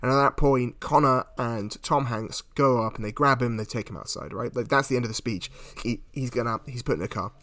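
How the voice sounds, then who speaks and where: A man's voice: mid-range voice, fairly quick, few pauses, a bit bright, no echo. Man retelling a film plot. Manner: retells plot at length with many restarts. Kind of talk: casual film discussion.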